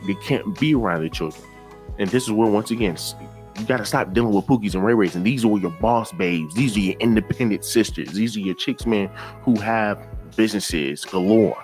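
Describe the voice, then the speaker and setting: A man giving reaction commentary in a preachy way, repeating himself and asking rhetorical questions. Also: on the low side.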